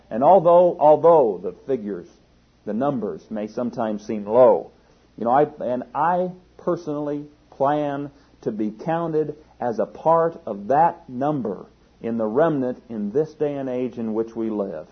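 Husky-voiced man preaching a sermon. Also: mid-range voice. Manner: earnest, emphatic preaching with restarts. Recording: dull lo-fi sermon recording.

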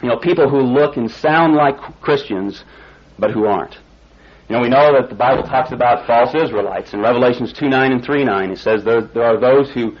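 A man's voice: medium pitch, husky, dull audio. A man preaching a sermon, telling a folksy illustration story before turning to scripture. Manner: folksy storytelling, rising excited when telling the climax.

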